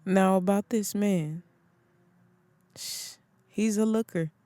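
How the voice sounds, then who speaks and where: A reader voicing a calm older spiritual woman in an audiobook who gives soothing, assured counsel. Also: mid-range voice, slow pace, no room sound, lightly acted. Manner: soothing, assured, calls others child. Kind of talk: audiobook character voice.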